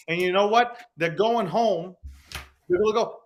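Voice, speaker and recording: A man's voice: high-pitched, a little slow, slight background noise. A man hosting a podcast, ranting angrily and profanely, hammering his points home by repeating phrases. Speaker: show host. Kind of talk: heated crypto podcast rant.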